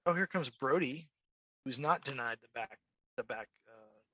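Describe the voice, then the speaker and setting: Bright-voiced animated man telling stories. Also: medium pitch, normal speed, no echo. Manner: animated storyteller, imitates barking dogs. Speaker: podcast guest. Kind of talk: casual chat.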